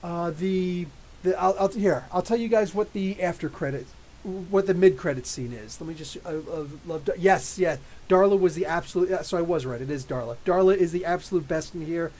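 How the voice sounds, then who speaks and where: Male streamer, slightly higher voice, excitable and rambling, many restarts, live review chat. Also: brisk. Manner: reads and answers live chat comments. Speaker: YouTube comics channel host.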